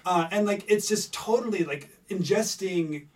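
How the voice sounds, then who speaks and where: Slightly distant, higher-voiced man chatting. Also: normal speed. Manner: rambling, many restarts, animated when making a point. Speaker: podcast co-host. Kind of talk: casual chat about tabletop games.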